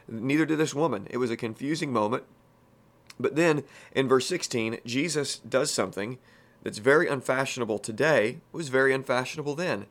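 A man's voice: mid-range voice, a bit bright. A man teaching through a Bible passage in a plain-spoken, folksy way, full of casual asides. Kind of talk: conversational Bible teaching podcast.

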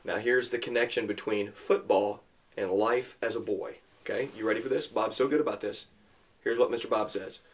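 A man's voice: fairly low pitch, steady tone, moderate pace. A man hosting a Christian podcast with his boys, praying and telling lessons in a fatherly, storytelling way. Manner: warm fatherly storytelling, teaching his sons; earnest prayer. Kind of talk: Christian family podcast talk.

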